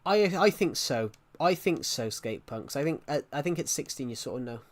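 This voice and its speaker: Male live streamer, mid-pitched, loose rambling delivery. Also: expressive, moderate pace. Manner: rambling, repeats and restarts phrases. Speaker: game streamer. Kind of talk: casual live-stream chat.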